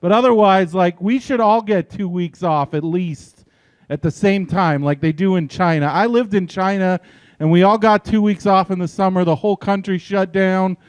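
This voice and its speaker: A man's voice: high-pitched, moderate pace, clear, resonant tone, dry recording. A man in his forties doing a stand-up set at a small live venue, telling dry, profane stories and acting out quotes. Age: 40s. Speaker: stand-up comedian.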